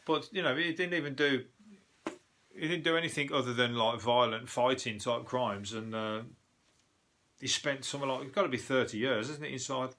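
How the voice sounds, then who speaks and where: Bright-voiced sweary Brummie comedian. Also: male voice, medium pitch, fairly even intonation, normal speed. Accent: Birmingham (Brummie). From Birmingham, England. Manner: sweary, rambling, laughs at his own jokes. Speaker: comedian and show host. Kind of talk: casual comedic monologue.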